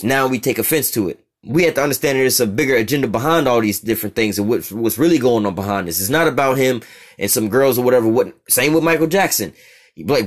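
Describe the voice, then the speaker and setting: Man, religious teacher, rapid delivery, profane, blunt, reads and explains a text. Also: mid-range voice. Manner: blunt and profane, keeps asking "you see what I'm saying?".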